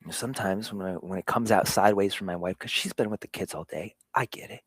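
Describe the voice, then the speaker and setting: Male host, earnest fatherhood talk, lower pitch, dynamics from hushed to emphatic, dry sound. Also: fast talker, breathy edge, no room sound. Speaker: show host.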